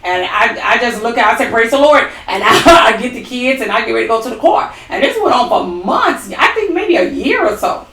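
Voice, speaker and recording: A woman co-hosting a ministry talk gives an emphatic, testimony-style account of faith, dropping in dramatic quoted asides. Her fairly high, expressive voice has a fairly bright tone and moves fairly quickly with few pauses. She's recorded from a distance in an echoey room.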